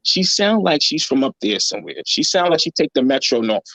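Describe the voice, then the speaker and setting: A man's voice: mid-range voice, very animated, brisk, creaky, bright, forceful tone, no room sound. Blunt, cursing New man ranting. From New York. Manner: blunt, heated, profanity-laced ranting. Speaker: host. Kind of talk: casual profane reaction chat.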